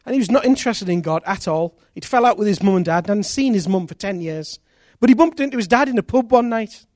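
A man's voice: sits high, no room sound, clean studio sound. A man preaching a sermon, telling conversion stories and acting out the people in them with repeated phrases. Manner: animated, acts out quoted voices, repeats phrases. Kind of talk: sermon storytelling.

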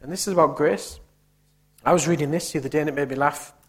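A man's voice: on the high side, fast talker, breathy edge. Punchy preacher man. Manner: emphatic, punchy, rhetorical questions. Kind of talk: sermon.

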